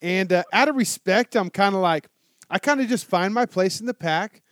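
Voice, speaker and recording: A man's voice: high-pitched, normal speed, no room sound. Swearing storyteller man, dry close sound. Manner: animated storytelling, heavy swearing and "dude". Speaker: guest telling a travel story. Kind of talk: casual chat.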